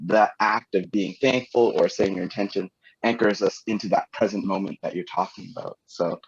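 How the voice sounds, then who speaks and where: A father sharing thoughts on a group video call, speaking in a thoughtful, halting way. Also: lowish voice, breathy edge, dry recording, highs cut off. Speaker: participant, parent. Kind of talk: casual chat on a video call. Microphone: video call mic.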